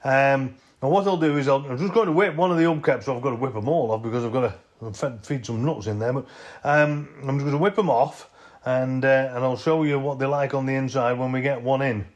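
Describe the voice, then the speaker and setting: Holding his own camera, a man shows off work on his jacked-up off-roader in a casual how-to video, wandering and correcting himself as he goes. His mid-range voice is steady in tone and fairly quick.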